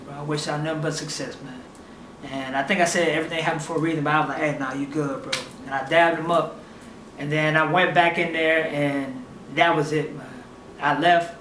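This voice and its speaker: A young man casually telling a personal story, animated and acting out what others said. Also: on the high side, slight background noise. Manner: animated, acts out other people's lines in quotes. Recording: echoey room, mic at a distance.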